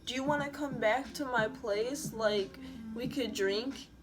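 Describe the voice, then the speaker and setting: A woman's voice: fairly high pitch, unhurried, music in the background, close to an everyday voice. A woman quoting a rambling, pushy man who keeps repeating himself.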